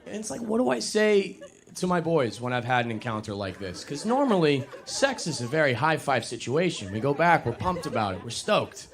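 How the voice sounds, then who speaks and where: A young man working a stand-up set on a club stage, chatting in a loose, self-deprecating way. He pushes his voice up high and mocking for impressions. There is a faint hum of noise under the mic. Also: very animated, normal speed, vocal fry. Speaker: stand-up comedian. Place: comedy club stage before a live audience.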